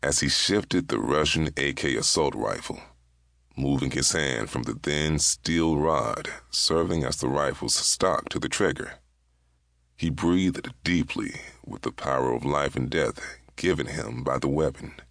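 Male audiobook narrator, very deep and gravelly, unhurried delivery. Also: a bit bright, no echo, studio quality.

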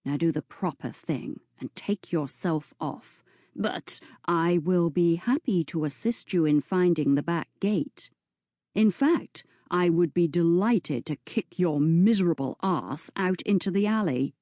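A composed gentleman defending a lady played by a woman reader speaks in a lowered, measured and cutting voice. The delivery is slow and mellow, dry and close. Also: no room sound. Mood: cold. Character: cool, protective gentleman rescuer.

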